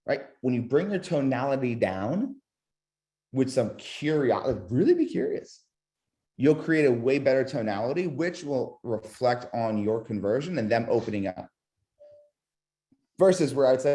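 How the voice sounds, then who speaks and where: A man with a mid-range voice speaks at a normal speed while coaching a webinar on sales calls. He's lively, demonstrating vocal tonality through demo calls and quizzing his audience with questions.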